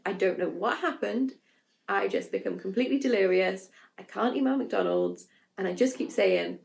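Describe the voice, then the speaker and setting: Chatty young woman with gravelly fry. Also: mid-range voice, normal speed. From England. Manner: frank, chatty, full of fillers and asides; acts out her own panicked quotes. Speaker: vlogger. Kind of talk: candid storytelling vlog.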